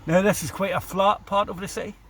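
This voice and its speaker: A man's voice: sits high, steady tone, brisk, a bit bright, a little hiss or hum. A man with a Glasgow accent, chatting sardonically to camera about the street he is filming. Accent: Scottish, Glasgow. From Scotland. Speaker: vlogger. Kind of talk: casual rant while filming a street. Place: outdoors by a city road.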